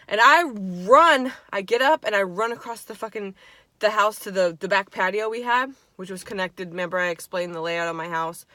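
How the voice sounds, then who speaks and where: A woman in her twenties telling a story on a vlog, animated and swearing freely, with lots of "like". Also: on the low side, no room sound. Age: 20s. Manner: animated, profane, heavy "like" filler. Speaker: vlogger. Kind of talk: storytime chat.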